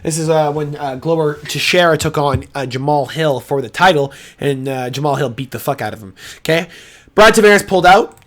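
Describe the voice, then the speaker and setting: Brief: young male host, somewhat high voice, cursing, bursts loud then drops to mutters, casual monologue. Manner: profane, excitable, swings from loud outbursts to muttering. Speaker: MMA reaction host. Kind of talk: casual fight breakdown monologue.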